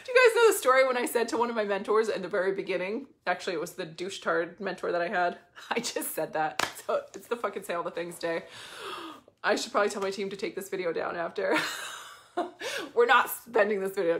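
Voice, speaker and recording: A woman coach talking casually and bluntly to her viewers, swearing freely and in an animated way. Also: mid-range voice, a little fast, a little hiss or hum. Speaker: business coach. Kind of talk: casual motivational talk to viewers.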